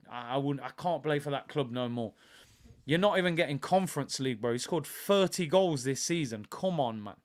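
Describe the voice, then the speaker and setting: Animated young man hosting a watch-along. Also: fairly high pitch. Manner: animated, excitable, with loud outbursts of reaction. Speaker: host of a football watch-along. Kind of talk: casual live chat, reacting to the match and reading comments.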